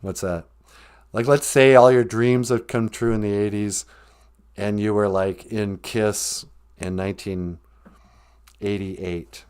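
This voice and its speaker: A man's voice: fairly low pitch, steady tone, slow pace, long pauses, a little mellow, smooth. A man hosting a podcast, musing in a laid-back, self-mocking way. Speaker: podcast host. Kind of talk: casual chat.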